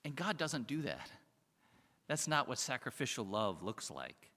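A man's voice: mid-range voice, very animated, unhurried, sharp tone. A man giving a conversational sermon as a pastor, often chuckling and asking his listeners rhetorical questions. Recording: reverberant hall.

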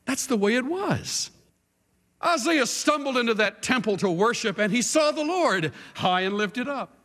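Slow dramatic preacher guy, goes from quiet to shouting, lively pitch. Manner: dramatic, swings from hushed to shouting. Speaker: pastor. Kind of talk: sermon. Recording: long reverb hall with faint music.

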